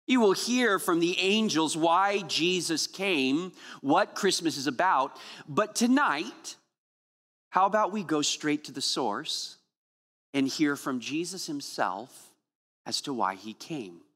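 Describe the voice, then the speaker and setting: A male pastor with a fairly high voice delivers a sermon at a very unhurried pace. He shifts between earnest prayer and playful, humorous storytelling. His voice carries a long reverb from a large church hall. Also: lively intonation, fairly bright tone.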